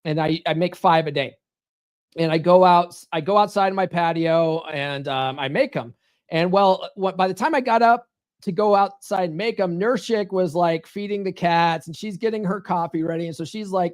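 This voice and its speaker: A man's voice: on the high side, moderate pace. A man hosting a live podcast as a dating coach, chatting casually, reading viewer comments and swearing freely as he rambles through stories. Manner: profane, rambling, animated storytelling. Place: home studio.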